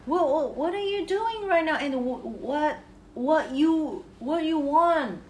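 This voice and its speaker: Slow, high-voiced hesitant woman player. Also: animated, slight background noise. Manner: hesitant, stammering, non-native grammar. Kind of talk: playing a tabletop game.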